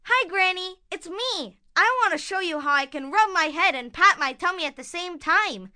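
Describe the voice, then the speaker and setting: A woman's voice: extremely high pitch, lively intonation, moderate pace, pushed and bright, exaggerated voice. A woman voicing a scheming big bad male wolf in a puppet show, sly and wheedling. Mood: fake sweet. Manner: sly, wheedling, fake-sweet granny act.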